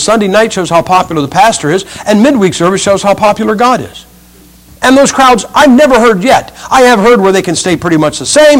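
A man's voice: sits high, poor audio. A middle-aged male preacher giving a humorous sermon, acting out the people in his stories. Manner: humorous storytelling, acts out quotes.

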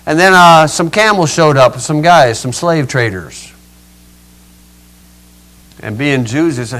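An older male preacher retelling a scripture story in a folksy, dramatic way, swinging between loud rises and quiet drops. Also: on the high side, measured pace, rough recording. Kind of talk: storytelling sermon.

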